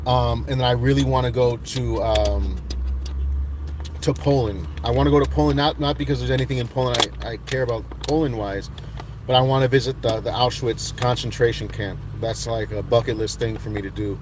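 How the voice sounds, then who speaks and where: An American man in his thirties chats casually on a livestream, reading viewer comments in a laid-back, rambling way with many restarts. His medium-pitched voice holds a steady tone at a fairly quick pace over a noisy background.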